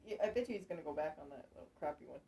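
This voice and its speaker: A woman's voice: low voice, lively intonation, very fast, warm tone. A woman at home teasing and chatting casually about a cat.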